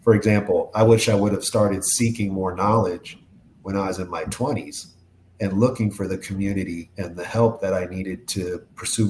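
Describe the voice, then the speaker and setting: A man's voice: low-pitched, darkish tone, slight background noise. A man talking reflectively in a casual podcast chat about loyalty and overcoming himself. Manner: reflective, thoughtful.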